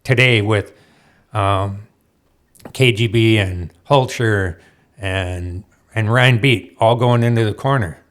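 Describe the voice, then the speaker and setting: A man telling racing stories as an interview guest in a studio, animated and laughing often as he acts out other people's lines. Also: fairly low pitch, slow. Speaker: guest, off-road racer. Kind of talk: storytelling interview chat.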